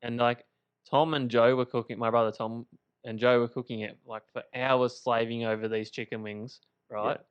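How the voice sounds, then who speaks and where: A man's voice: medium pitch, little pitch movement, moderate pace, clean tone, no echo, muffled recording. A man co-hosting a podcast, telling stories in a playful, teasing way in a makeshift home studio. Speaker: podcast co-host. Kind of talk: casual storytelling chat.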